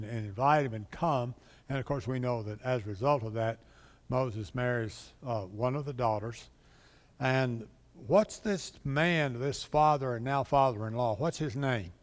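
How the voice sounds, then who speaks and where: A man's voice: medium pitch, moderate pace. A man teaching a casual Bible class, chatting and quizzing the class as he goes. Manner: conversational, asks the class questions, acts out quotes. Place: church classroom. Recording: long hall reverb.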